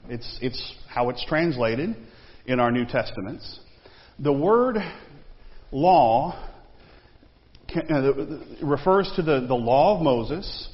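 A man teaching a Bible study class in a conversational way, quizzing his listeners with questions. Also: mid-range voice. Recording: long reverb, dull lo-fi sound.

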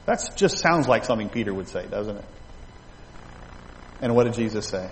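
A pastor delivers an expository sermon in an echoey church sanctuary, his lowish voice animated and his pace moderate. He speaks conversationally, restarting sentences and making asides to the congregation, over faint ambience and a little hiss or hum.

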